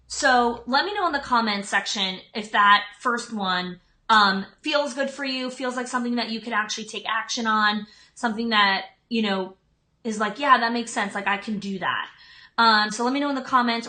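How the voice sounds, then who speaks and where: A woman in her thirties hosts a casual live stream offering leadership tips, her chatty speech packed with "like" and "um." Her voice is fairly high and sharp, at a moderate pace.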